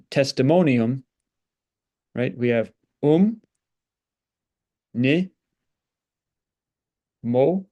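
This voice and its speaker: A man of middle pitch teaching a Latin lesson. He reads example sentences, translates them and breaks words into syllables in a patient, explanatory way. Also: a little mellow.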